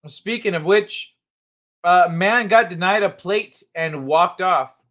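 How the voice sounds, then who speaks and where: A man's voice: high voice, takes it slowly, fairly bright tone, lo-fi sound. A man hosting a casual late-night livestream, reading headlines aloud, swearing freely and laughing often. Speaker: livestream host.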